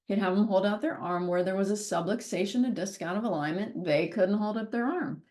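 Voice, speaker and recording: Animated woman telling a personal story. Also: medium pitch. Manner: expressive, laughs often while telling the story. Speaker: wellness speaker. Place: talk or masterclass session.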